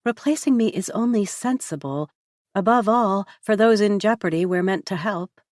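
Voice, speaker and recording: A woman narrating a first-person historical novel as an audiobook, measured and reflective. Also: medium pitch, a little mellow, no echo, clean studio sound.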